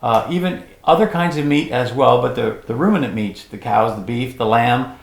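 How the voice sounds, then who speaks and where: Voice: mid-range voice, moderate pace, creaky. Insistent co-host in an echoey room. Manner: reassuring, conversational, insistent. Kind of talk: casual chat about diet. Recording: roomy, echoey sound.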